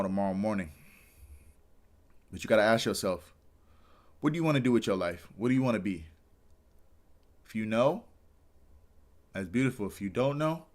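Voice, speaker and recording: A tired young man, a streamer giving a rambling, earnest motivational talk and swearing casually. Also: fairly low pitch. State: tired, yawning.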